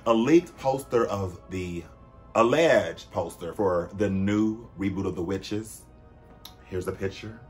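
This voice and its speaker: Animated low-voiced man chatting. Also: slow pace, soft background music. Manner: animated, swooping pitch and sudden loud bursts; chatty, with frequent "like" fillers. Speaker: vlog host. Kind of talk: casual chatty commentary.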